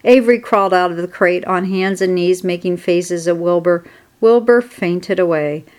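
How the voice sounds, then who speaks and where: A woman narrating a children's storybook aloud in a steady, expressive way. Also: on the low side, normal speed.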